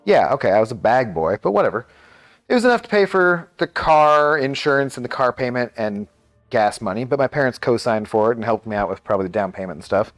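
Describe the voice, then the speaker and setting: A man in his thirties, a live streamer chatting casually and rambling as he answers viewer messages. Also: mid-range voice.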